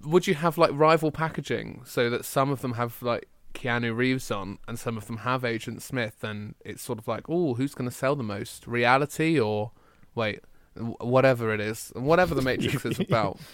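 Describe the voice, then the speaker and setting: A man hosting a podcast game, playful and quick to laugh in casual banter. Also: medium pitch, smooth, dry recording, studio quality. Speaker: podcast host running a game.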